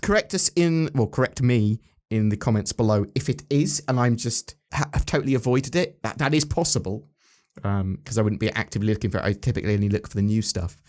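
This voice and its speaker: A man's voice: lowish voice, expressive, fast, a little mellow. A man hosting a casual chat about game news, rambling and asking his co-host questions.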